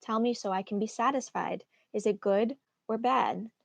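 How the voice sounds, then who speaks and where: A woman's voice: fairly high pitch, moderate pace, creaky, no echo. A woman reading aloud as an impatient, eager teenage girl who pleads and presses with question after question. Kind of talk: read-aloud of a play.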